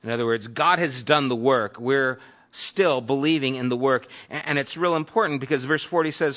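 Bright-voiced man preaching conversationally. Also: medium pitch, moderate pace, highs cut off. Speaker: pastor. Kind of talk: sermon, Bible teaching.

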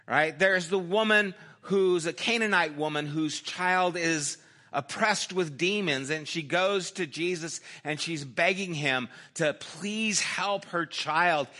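A man preaching a sermon as pastor, telling the story conversationally with small restarts and acting out quoted lines in a quieter voice. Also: a little high. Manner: storytelling, acts out quoted lines in a dropped, softer voice.

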